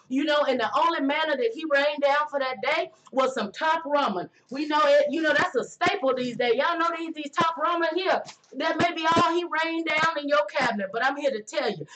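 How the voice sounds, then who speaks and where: A woman preaching a lively, folksy sermon, calling out to listeners and slowing down to stress key words. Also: sits high, slight background noise, rough recording. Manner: folksy, call-and-response, drawn-out emphasis.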